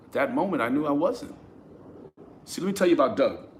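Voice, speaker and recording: A man telling a personal story to his viewers in a casual, profane, animated way, often restarting his sentences. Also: fairly high pitch, brisk, a little hiss or hum. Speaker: YouTube commentator.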